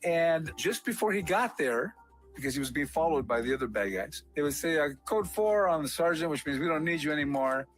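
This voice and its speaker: An older man, a civilian on a police disciplinary board, recounting a hearing in an animated interview with many fillers. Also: fairly high pitch, a little fast, soft background music, rough recording. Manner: animated retelling, acts out quotes, frequent fillers. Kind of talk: storytelling interview.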